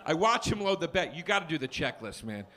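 A man performing a stand-up comedy set in a club, telling a story with shouted punchlines and acted-out characters, with the audience laughing. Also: a little high, sing-song, fast. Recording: live club recording with crowd noise.

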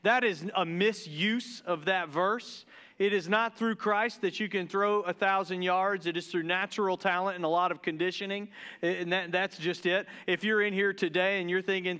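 A man from the Deep South, preaching a casual, joking sermon to his church and tripping over his words in his excitement. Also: normal speed, smooth. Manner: joking, excitable, stumbles and restarts. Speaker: pastor. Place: church sanctuary.

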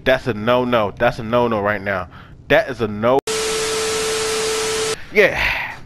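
A young man hosting a let's play, chatting casually and yelling and swearing when startled. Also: medium pitch, slow pace, noisy background. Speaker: gaming channel host.

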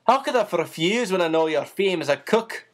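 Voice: medium pitch, lively intonation, normal speed, pitched above the performer's own voice, close to an everyday voice. A reader voicing a small, good-humoured old sailor man who talks in a hearty, genial way.

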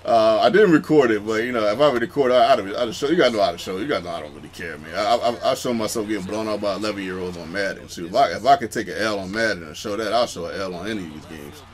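A young man hosting a gaming channel, chatting in a calm, rambling way with many fillers during gameplay commentary. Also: lowish voice, racing, hardly any pauses.

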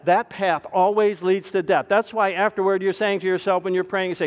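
High-voiced preacher in an echoing church. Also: male voice, brisk, hardly any pauses. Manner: dynamic delivery, swinging between loud emphasis and soft low asides. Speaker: pastor. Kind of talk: sermon. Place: church sanctuary. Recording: reverberant church hall.

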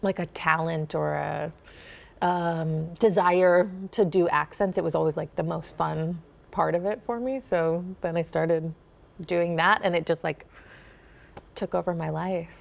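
A woman's voice: fairly low pitch, fairly even intonation, unhurried, creaky. A young woman from Minnesota, an accent coach, answering interview questions in a chatty way with lots of fillers and easy laughs.

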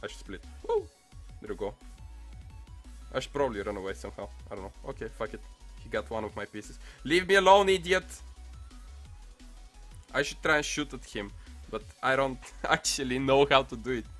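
Give me an excitable young man narrating his own gameplay, with a sharp bright voice and soft music in the background. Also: mid-range voice, fast. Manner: excitable, swears often, mutters to himself. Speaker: gaming channel host. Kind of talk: casual mobile gameplay commentary. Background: faint music playlist.

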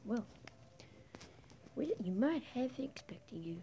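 A woman voices game dialogue as a grizzled, unhinged homeless Australian drifter, taunting and menacing in a mocking, drawling, mostly whispered delivery. Her own voice is a little high, warm and expressive, and she speaks unhurriedly. The audio quality is poor.

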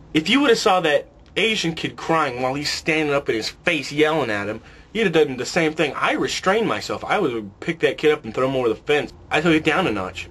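A man's voice: mid-range voice, fairly bright tone, a little hiss or hum. A young man delivering a comic monologue to camera, crude, boastful and swearing constantly with a smug slacker drawl. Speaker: comedy vlogger in character.

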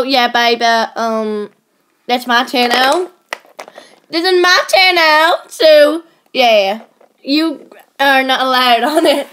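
A woman's voice: high-pitched, fairly bright tone, heavily acted. A woman voicing a creepy, playful female kidnapper pet in a homemade toy movie, shrieking a name and giggling.

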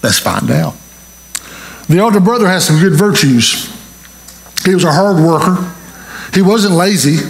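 Man, pastor, sermon, animated, questions to the pews, high voice, echoey hall. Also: a little slow, vocal fry, pauses often. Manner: animated, asks the congregation questions.

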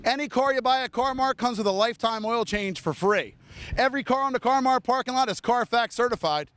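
Out on a dealership lot, a man hosts a television car ad, his smooth, slightly bright voice racing through a list of features. The hard-sell pitch is enthusiastic and aimed directly at viewers and the cameraman.

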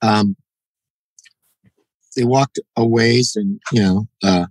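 A man being interviewed on a podcast, telling stories in a halting, reflective way. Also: lowish voice, fairly even intonation, no room sound, rough recording. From United States. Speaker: podcast guest, jiu-jitsu black belt. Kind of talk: casual interview, storytelling.

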